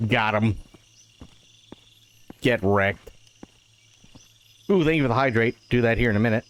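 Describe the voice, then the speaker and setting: A man's voice: mid-range voice, unhurried. A man live-streaming a game, chatting casually to viewers and telling wry jokes. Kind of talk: casual live gameplay chat. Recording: clear game music behind.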